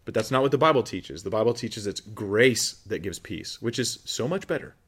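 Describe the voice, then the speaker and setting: A man's voice: on the low side, moderate pace, slightly rough. Man preaching a casual, conversational sermon. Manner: conversational, animated, acts out quoted voices. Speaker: pastor.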